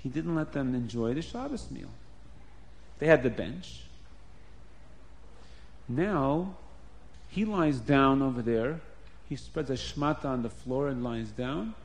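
A man telling a story aloud in a plain, earnest, repetitive way. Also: on the high side. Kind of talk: spoken storytelling.

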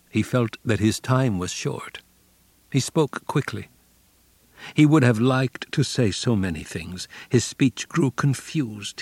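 A man narrating a memoir audiobook in a grave, measured, subdued way. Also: fairly low pitch, darkish tone, husky, dry recording. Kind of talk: scripted narration.

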